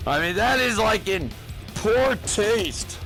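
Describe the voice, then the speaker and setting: A man riffing through a rambling, profane comedy rant. His voice is high and bright with a gravelly edge, and faint music plays behind him. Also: animated, slow, low-quality recording. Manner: rambling and profane, full of fillers. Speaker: gaming vlogger.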